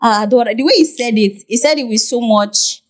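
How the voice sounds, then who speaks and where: A woman's voice: a little high, moderate pace. A woman with a Nigerian accent, a podcast guest talking casually and telling stories animatedly, with many fillers and restarts. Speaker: podcast guest, content creator and Korean interpreter. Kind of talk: casual interview talk.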